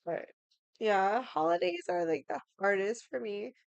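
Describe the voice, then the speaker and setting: Woman, young adult, casual rambling chat, swears a lot, smooth clear voice, dry close sound. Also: medium pitch, a little slow, no room sound. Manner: rambling, heavy on 'like' and swearing. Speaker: streamer. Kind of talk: casual chat while drinking.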